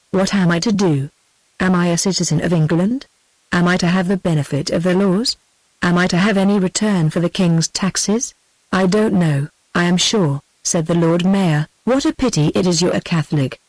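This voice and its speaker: Flat text-to-speech audiobook narrator. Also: medium pitch, no room sound, low-quality recording. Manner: flat synthetic reading, reads punctuation aloud. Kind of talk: scripted narration.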